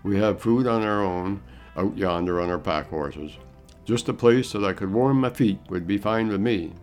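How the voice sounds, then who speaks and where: A man's voice: lowish voice, normal speed, a little mellow, soft background music, natural voice. A man voicing a grumbling old frontier guide with a folksy drawl.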